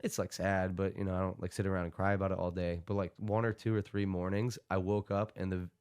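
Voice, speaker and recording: A young man with a somewhat low voice tells a long anecdote as a podcast guest. He rambles, fills gaps with "like," and laughs his way through it. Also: little pitch movement, fast, darkish tone, clear, resonant tone. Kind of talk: casual storytelling.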